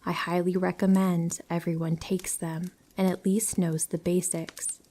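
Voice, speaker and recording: A woman reading true horror stories aloud in a soft, hushed storytelling voice that often drops to a whisper. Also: fairly low pitch, little pitch movement, measured pace. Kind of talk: scripted narration of listener stories.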